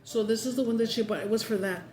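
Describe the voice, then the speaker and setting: Fairly high-pitched yet darkish, her voice stays steady as she talks quickly. This mukbang vlogger mixes Spanish phrases into relaxed chatter while eating on camera, and the room is echoey with noise behind her.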